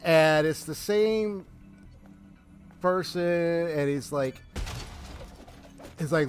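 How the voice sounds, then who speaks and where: Faint music sits behind a slightly high-voiced gaming streamer who speaks very slowly with long pauses. He's chatting casually over live gameplay, spinning a story, laughing frequently, and voicing lines from the game.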